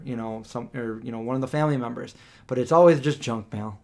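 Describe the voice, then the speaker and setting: A man chatting on a live stream, his pitch sitting in an ordinary middle range. He tells stories animatedly, restarting sentences often and leaning on casual fillers. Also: fast. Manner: animated storyteller, acts out quotes with raised pitch.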